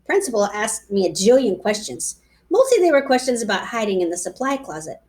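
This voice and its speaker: A woman reading a children's chapter book aloud in a playful, lively voice. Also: mid-range voice, a little fast. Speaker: reader. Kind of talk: storybook read-aloud.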